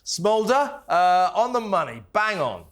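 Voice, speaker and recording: A man's voice: high voice, big pitch swings, measured pace, a bit bright. A man hosting a comedic panel show, laughing often and mock-insulting one of his guests while reading viewer comments. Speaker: host. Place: TV studio.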